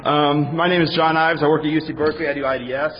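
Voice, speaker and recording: A man's voice: on the high side, fairly even intonation, fast talker. A man casually moderating a conference panel, loose and joking as he improvises. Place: conference hall with audience. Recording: dull recording in a reverberant hall.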